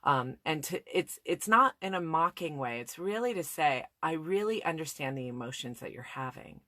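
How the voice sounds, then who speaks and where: A woman in her thirties with a low voice shares a personal story in a reflective, candid way. She often restarts her sentences mid-thought. The recording is dry and close, with no room sound. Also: animated, moderate pace, pushed and bright, no room sound. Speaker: speaker on listening skills.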